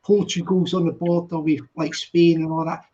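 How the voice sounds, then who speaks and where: A British man hosting a casual chat, agreeable and halting, restarting his sentences often. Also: fairly high pitch, little pitch movement, mellow. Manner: agreeable, backchannels "yeah" a lot, halting. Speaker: host of a live stream. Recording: dull lo-fi sound.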